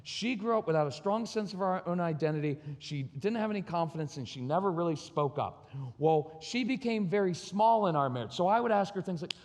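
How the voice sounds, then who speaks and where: A man with a high, darkish voice talks a little fast with few pauses and lively intonation at a conference on parenting and marriage. He's frank and personal, acting out dialogue in his anecdotes, all heard through the long reverb of a large hall.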